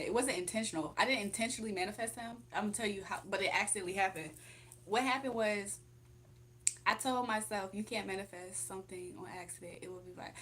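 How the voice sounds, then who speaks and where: A woman's voice: mid-range voice, a bit bright. Chatty young woman livestreaming. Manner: chatty, laughs often, reads chat aloud. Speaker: livestream host. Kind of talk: casual livestream chat.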